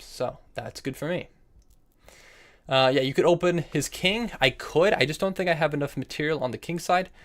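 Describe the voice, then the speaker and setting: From his desk, a young man broadcasts his chess games live, narrating his moves, repeating phrases while he thinks over options, and stopping to reply to people in chat. His voice is middle-pitched and captured by a desk mic.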